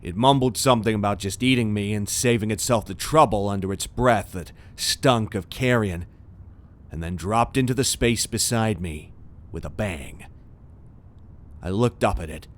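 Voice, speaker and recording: A man narrating a first-person horror story in a tense, steady way. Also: on the low side. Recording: faint music underneath.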